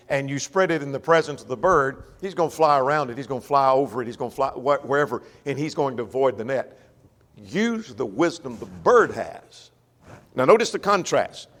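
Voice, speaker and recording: A man's voice: medium pitch, fairly bright tone. A man teaching a Sunday Bible class in a folksy way, often checking that the class follows. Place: church. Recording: long church reverb.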